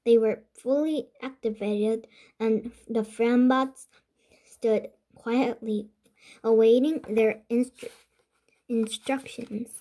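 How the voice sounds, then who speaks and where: Korean-speaking woman reading a kids' book, slow and stumbling, mellow dark tone. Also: on the high side, steady tone. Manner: halting, with restarts and slips. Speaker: reader. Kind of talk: children's book read aloud.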